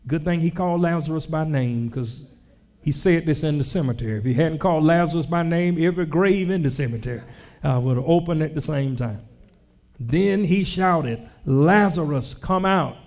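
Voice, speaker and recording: A male pastor preaching a sermon, reading scripture slowly and dramatically with comic asides. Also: a little high, a little mellow.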